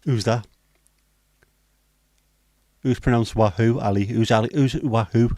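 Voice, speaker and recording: A man's voice: medium pitch, steady tone, unhurried, mellow, no room sound. A man from England hosting a livestream, reading out the chat with blunt, sweary banter. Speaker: livestream host. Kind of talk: casual live chat reading the chat.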